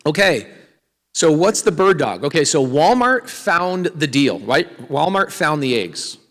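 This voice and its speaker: Man, fairly high voice, energetic seminar speaker, questions to the audience, reverberant hall. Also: a little slow. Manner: energetic, quizzing the crowd with questions. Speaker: real estate speaker. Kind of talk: live seminar talk to an audience.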